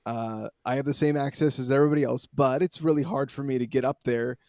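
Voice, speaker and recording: A man reporting as a guest on a sports talk show, telling a long story in a rambling, animated way with many restarts. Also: mid-range voice, fast, no echo, studio quality.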